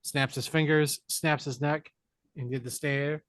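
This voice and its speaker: A man's voice: a little high, unhurried. A man co-hosting a podcast, casually and jokingly retelling a film plot and acting out the characters' lines. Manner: animated, jokey retelling with put-on character lines. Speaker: podcast co-host. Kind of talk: casual movie recap chat.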